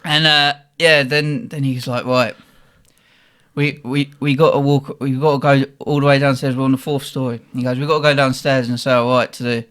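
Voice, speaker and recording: Young man, bright voice, slangy, laughing storyteller. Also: mid-range voice, moderate pace. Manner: laughs often, slangy and animated. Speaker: podcast host. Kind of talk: casual storytelling.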